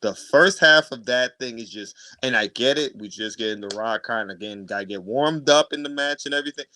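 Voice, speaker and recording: A man co-hosting a wrestling podcast in casual chat, animated and quick to swear and laugh. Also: medium pitch, dry recording. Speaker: podcast co-host.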